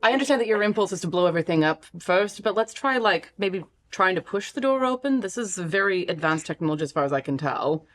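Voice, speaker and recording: A player in a casual tabletop game, talking quickly with frequent restarts. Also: medium pitch, animated, a bit bright.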